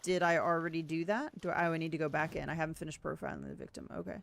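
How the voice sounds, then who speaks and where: Woman, gameplay streamer, casual commentary, thinking aloud, slightly low voice. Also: fairly even intonation, rapid-fire, vocal fry. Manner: chatty, thinking aloud, reading on-screen text. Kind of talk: casual let's-play commentary.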